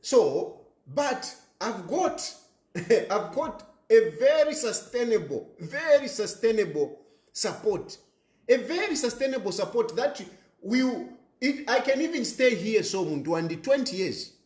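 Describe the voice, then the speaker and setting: A man's voice: sits high, big pitch swings, measured pace, a little mellow, echoey room. A man with a Zambian accent giving an impassioned political monologue from a rented apartment, repeating his points, switching between languages and breaking into laughter. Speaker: political commentator.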